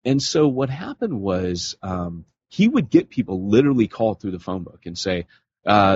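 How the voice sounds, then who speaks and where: A man co-hosting a podcast, telling stories in a casual, animated way and slipping into voices for the people he quotes. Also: fairly low pitch, normal speed, husky. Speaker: podcast co-host. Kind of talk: casual storytelling conversation. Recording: dull lo-fi podcast audio.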